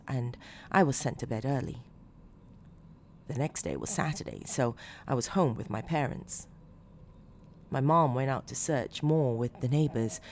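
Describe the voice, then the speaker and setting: A woman reading a horror story as scripted narration, measured and low-key with dramatic emphasis. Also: a little mellow, slight background noise.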